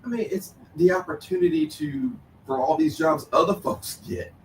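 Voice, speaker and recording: A man's voice: very high-pitched, sing-song, normal speed, creaky, a little hiss or hum. A man appearing as a lawyer guest on a radio show, explaining points with frequent "you know" and "okay". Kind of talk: radio debate. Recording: roomy distant sound with faint ambience.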